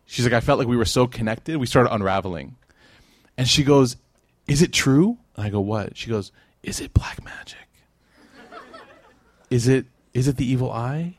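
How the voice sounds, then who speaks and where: At a moderate pace and medium pitch, a man gives a religious talk to a live audience, in a dry, studio-quality recording. He's chatty and playful, voicing the characters in his stories with animated impressions.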